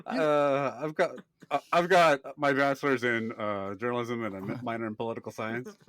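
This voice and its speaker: A man in his thirties tells a story on a casual podcast. He slips into voices for the people he quotes and swears freely. His pitch sits mid-range, and the sound is close and dry with no room echo. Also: fairly even intonation, normal speed, fairly bright tone. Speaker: podcast co-host.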